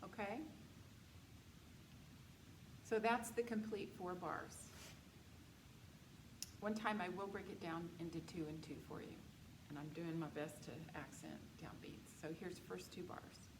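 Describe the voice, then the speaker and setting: A woman music teacher talks slowly and patiently, counting beats aloud in a slightly low voice. The room around her rings with echo. A steady background noise sits under the recording. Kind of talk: recorded lecture with dictation exercises.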